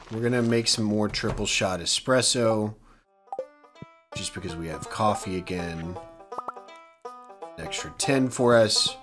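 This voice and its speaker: A let's play host chats as he plays, upbeat, casual and self-deprecating. His mid-range voice swings widely in pitch at an unhurried pace, though it's a little worn because he's losing it. Faint game music plays behind him.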